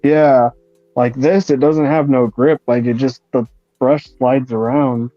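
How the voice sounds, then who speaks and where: A man chatting casually and calmly while he paints, explaining as he works. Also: mid-range voice, unhurried, no room sound, soft background music. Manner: relaxed, explains while working. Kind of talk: casual chat. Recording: dull lo-fi sound.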